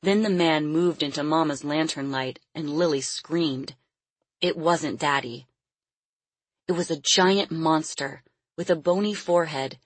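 A woman narrates a storybook in a low, husky voice, measured and expressive. Her voice sounds close and dry, with no room around it. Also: no room sound. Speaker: audiobook narrator.

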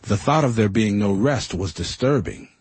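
A man's voice: fairly low pitch, lively intonation, normal speed, darkish tone, breathy edge, no echo. A man reading first-person audiobook narration in a reflective, earnest way.

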